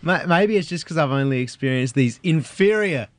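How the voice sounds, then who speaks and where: A man's voice: fairly high pitch, lively intonation, moderate pace, no echo. A man co-hosting a radio show who argues skeptically against the topic. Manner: skeptical, argumentative. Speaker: radio co-host. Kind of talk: casual radio banter.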